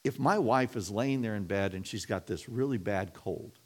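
A man's voice: on the low side, moderate pace. A middle-aged man preaching a sermon in a conversational way, often repeating and restarting his words. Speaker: pastor.

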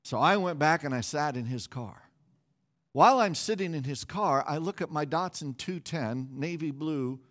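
A middle-aged pastor preaches a sermon in a voice pitched on the high side. He tells his story with lively pacing and self-mocking humor.

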